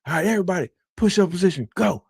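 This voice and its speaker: Man playing a stern drill sergeant, commanding and pitched up. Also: expressive, racing, gravelly, a little mellow, breathy edge, dry recording, clean studio sound, heavily acted.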